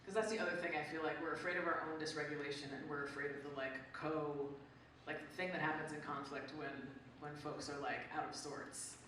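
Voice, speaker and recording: A moderator leading a live onstage conversation, speaking in a loose, mid-pitched way full of "like" and restarts. The voice bounces around a large hall, picked up from a distance, with clear background noise underneath. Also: steady tone, pushed and bright. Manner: conversational, fills pauses with "like" and restarts. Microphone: distant from the microphone. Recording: echoey hall from far off.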